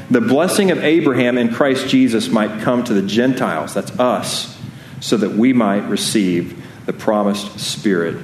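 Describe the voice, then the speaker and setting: A man preaching a sermon as pastor, earnest and conversational, often restarting his sentences. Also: medium pitch. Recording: echoey room with faint noise.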